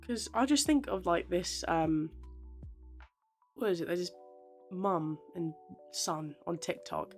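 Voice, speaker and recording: A woman's voice: fairly low pitch, expressive, moderate pace, soft background music. A 21-year-old woman, chatting casually to camera in a self-deprecating way and laughing often. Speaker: aspiring actress vlogger.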